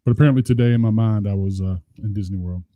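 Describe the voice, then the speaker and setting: A man's voice: on the low side, fast, no room sound, narrow, tinny audio. A middle-aged man co-hosting a podcast, rambling through stories with plenty of swearing. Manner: rambling, profane storytelling. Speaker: podcast co-host. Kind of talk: casual chat.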